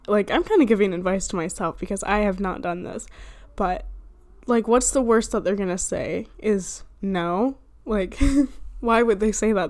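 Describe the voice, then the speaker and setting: A woman's voice: medium pitch, a little mellow. Rambling young woman podcaster, laughing. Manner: rambling, self-deprecating, laughs often, many "like"s. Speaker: podcast host. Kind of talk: casual solo podcast monologue. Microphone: handheld or desk microphone she bumps.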